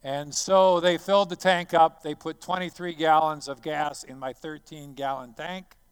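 A man who is a missionary preacher, telling a personal story as a sermon. He talks dramatically, swinging from hushed to loud. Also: on the high side, fairly even intonation, moderate pace, clean tone.

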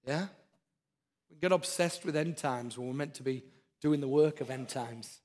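A man's voice: mid-range voice, moderate pace, a little mellow. A man preaching a sermon, with earnest, repeated exhortations. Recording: long hall reverb.

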